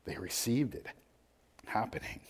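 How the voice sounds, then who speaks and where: A man delivering a sermon in a large church hall, his voice trailing off into long reverb. He shifts between soft, reflective asides and loud, emphatic stretches. He keeps asking the congregation rhetorical questions. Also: measured pace. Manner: swings from quiet musing to loud, emphatic preaching. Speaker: pastor.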